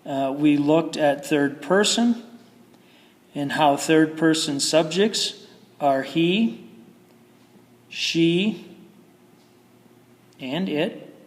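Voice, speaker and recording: Man, grammar lesson, slow explaining, lingering reverb. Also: on the high side. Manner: slow, patient explaining with fillers. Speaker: English grammar teacher.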